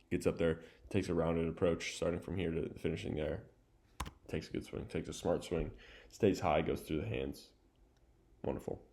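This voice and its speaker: Low gravelly man breaking down game film. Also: mellow, slight background noise. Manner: chatty, loose, full of fillers and asides. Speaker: volleyball film analyst. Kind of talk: casual play-by-play breakdown.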